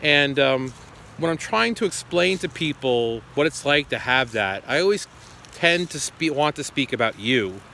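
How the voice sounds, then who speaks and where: A man's voice: mid-range voice, lively intonation, unhurried, gravelly, sharp tone, a little hiss or hum. A man in his forties casually retelling a phone call, acting out both sides. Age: 40s. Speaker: vlogger. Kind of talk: casual storytelling to camera.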